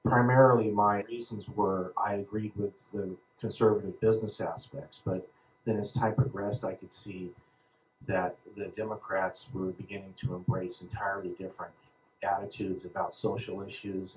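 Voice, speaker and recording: A low-voiced man in his fifties from Southern California gives a plain personal account, stopping often with ums and restarts. A faint hum of room noise sits behind him. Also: steady tone, poor audio. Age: 50s. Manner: halting, with many ums and restarts. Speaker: panel speaker.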